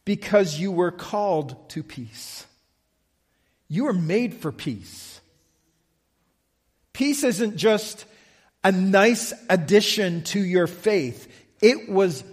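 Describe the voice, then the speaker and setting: A man preaching a sermon, slow and emphatic, often checking in with the listeners. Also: high voice, lively intonation, long reverb tail. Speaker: pastor.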